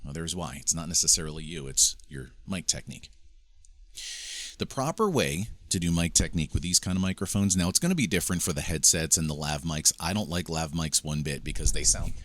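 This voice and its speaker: The speaker is a man with a bass voice who talks a little fast. He's at a home studio with a mixing board, moving between handheld microphones and casually coaching speakers on microphone technique in a step-by-step instructional video demo.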